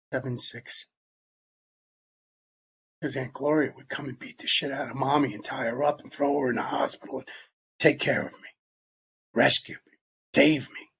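A man telling a personal story in plain, halting words, sometimes dropping almost to a whisper. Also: mid-range voice, steady tone, vocal fry, muffled recording, a little hiss or hum. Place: Long Island, New York.

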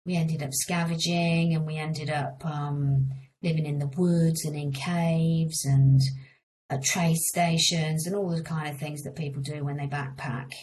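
A woman's voice: low-pitched, steady tone, measured pace, a little mellow, a little hiss or hum, low-quality recording. A middle-aged woman tells her life story in a frank, meandering way, often restarting her sentences. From England. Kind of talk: candid personal storytelling.

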